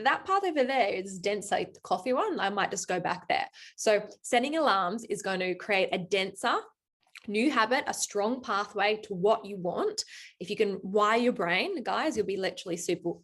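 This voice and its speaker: Brief: young woman, team coach on a video call, chatty motivational energy, mid-pitched voice. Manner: upbeat, chatty, motivational, reads affirmations aloud. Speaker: team coach leading a recruiting session. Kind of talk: live online coaching session.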